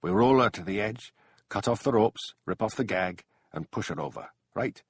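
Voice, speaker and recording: A man's voice: fairly low pitch, expressive, normal speed, slightly rough, dry recording, studio quality. A man voicing a ruthless, hot-tempered Scottish husband who gives curt, bossy orders. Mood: commanding.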